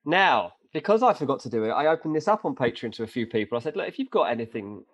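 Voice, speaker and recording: A man co-hosting a casual football podcast, chatty and relaxed. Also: mid-range voice, racing, no echo. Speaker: podcast co-host.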